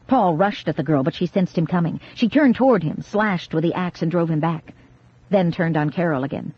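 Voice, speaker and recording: A woman narrating an audiobook in a measured, dramatic reading style, recorded in a studio. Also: on the low side, breathy edge, no room sound. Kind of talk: scripted narration. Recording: dull, dry 1980s cassette studio reading.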